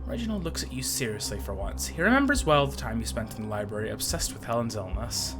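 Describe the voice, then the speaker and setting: A game streamer reading a story game aloud with playful, self-mocking commentary and frequent laughter. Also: medium pitch.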